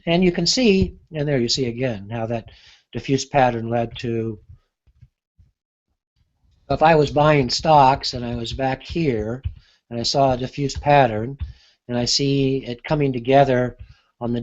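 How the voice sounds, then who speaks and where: A man giving an unscripted software demonstration, thinking aloud with frequent pauses and fillers. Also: mid-range voice, dull audio. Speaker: market analyst demonstrating software. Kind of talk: unscripted screen-share demo.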